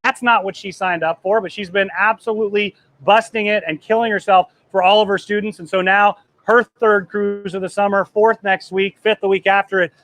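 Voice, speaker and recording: A man in his thirties hosting a live travel vlog from the deck of a cruise ship, excited and emotional, his voice trembling and choking up as he rambles. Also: high-pitched, normal speed, hardly any pauses. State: trembling, choked up. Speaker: travel agency host.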